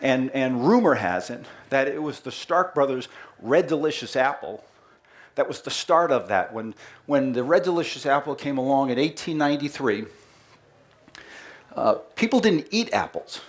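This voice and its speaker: A man's voice: medium pitch, lively intonation, normal speed. A middle-aged man with a Boston accent giving a chatty, story-filled company presentation to a live audience, restarting phrases and asking the crowd questions. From Boston, USA.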